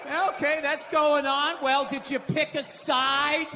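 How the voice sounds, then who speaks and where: A man rants through a stand-up set in a voice pitched very high for a man, sarcastic and profane. A live audience laughs loudly around him, and the room is noisy. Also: flat delivery, measured pace, hardly any pauses. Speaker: stand-up comedian. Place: comedy stage before a live audience. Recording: live show with loud crowd laughter and room noise.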